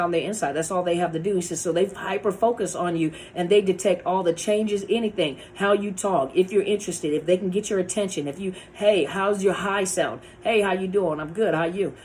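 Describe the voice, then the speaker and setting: A woman's voice: on the low side, darkish tone, a little hiss or hum. A woman counselor talking casually about narcissist abuse, often repeating and restarting her words. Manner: conversational, repeats words and restarts, acts out quoted lines. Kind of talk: casual talk to camera.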